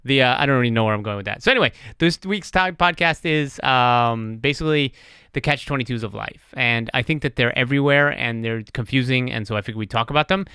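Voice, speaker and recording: Streaming live on Twitch, a man hosts a casual podcast, rambling, joking at his own expense, and swearing now and then. His medium-pitched voice is fast, pushed, bright, and smooth, with dry, studio-quality sound.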